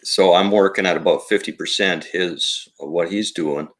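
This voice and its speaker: A man's voice: deep voice, moderate pace, fairly bright tone. A man, co-founder of a toy company, talking in a casual podcast conversation in a rambling, reflective way with many fillers.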